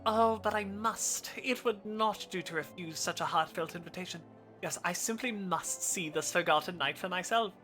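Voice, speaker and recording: Brief: streamer reading a courteous young noble traveler, formal, bright voice. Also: mid-range voice, normal speed, faint music behind, lightly acted. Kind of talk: reading game dialogue aloud.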